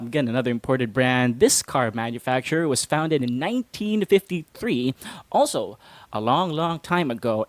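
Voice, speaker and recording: A man's voice: fairly high pitch, dry recording. A man hosting a casual English pronunciation lesson, playful and chuckling often as he drills listeners. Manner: playful, chuckles often. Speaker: English pronunciation teacher and host.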